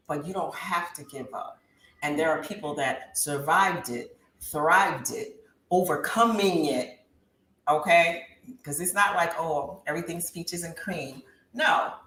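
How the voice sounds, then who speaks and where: A woman's voice: low voice, measured pace, fairly bright tone. A woman in her thirties giving an impassioned testimony in an interview, with a preacher-like rise and fall. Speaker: guest talk show host. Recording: roomy echo with faint background hiss.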